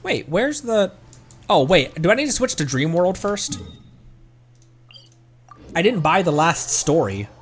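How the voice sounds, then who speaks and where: A man's voice: high-pitched, sing-song, unhurried, pauses often, slight background noise. A man streaming a video game, chatting casually and thinking aloud as he plays, often breaking off mid-sentence. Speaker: VTuber streamer. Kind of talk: casual gameplay chat.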